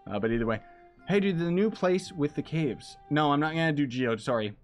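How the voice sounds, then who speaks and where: A man's voice: on the high side, animated, brisk, soft background music. A man chatting casually to his viewers while he plays a game live, loose and rambling, with a lot of slang. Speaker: streamer. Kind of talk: casual live-stream chat while gaming.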